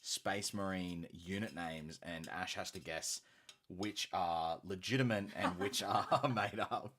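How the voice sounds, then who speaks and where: A man's voice: low voice, fairly even intonation, slow, a bit bright. A man hosting a live hobby stream, chatty and jokey, greeting viewers with slang. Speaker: stream host. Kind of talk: casual live-stream banter.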